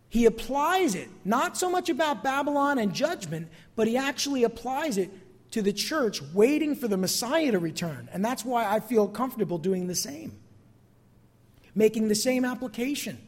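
A man preaching a sermon as pastor, expressive and calling out to his congregation for amens. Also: sits high, long reverb tail.

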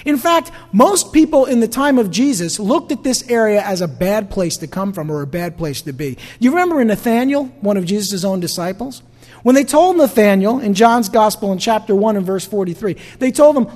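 Pastor, male, New York-New Jersey accent; chatty sermon full of rhetorical questions, animated delivery, long hall reverb. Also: extremely high pitch, a little fast. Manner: conversational preaching with rhetorical questions to the congregation.

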